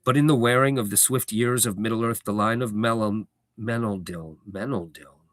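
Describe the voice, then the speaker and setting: A man voicing an ancient, grave elf lord who speaks in a slow, stately, lyrical way. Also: fairly low pitch, no echo, clean studio sound, natural voice. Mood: solemn. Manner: slow, stately, elevated delivery.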